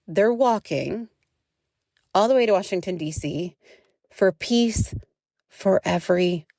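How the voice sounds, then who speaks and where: A woman's voice: mid-range voice, slow pace, vocal fry, darkish tone, dry recording, studio quality. A young adult woman hosting a casual spiritual podcast, chatty and swearing freely, with lots of filler words. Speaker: podcast host.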